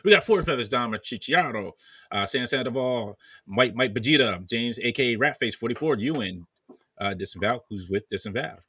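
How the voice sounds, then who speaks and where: Man, podcast host, animated, husky, rattling off names. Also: mid-range voice, normal speed, no room sound. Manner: reads off viewer names in a running list. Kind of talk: casual chat. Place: at home in bed, wearing headphones.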